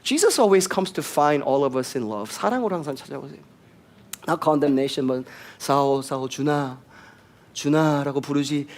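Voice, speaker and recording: Male pastor, rapid-fire emphatic bilingual sermon, slightly high voice. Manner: switches between English and Korean, lively and emphatic.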